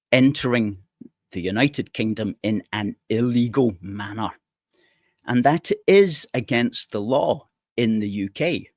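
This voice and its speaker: A man's voice: fairly low pitch, dry recording, studio quality. A man hosting a political commentary show, reading out news items with sarcastic, indignant asides.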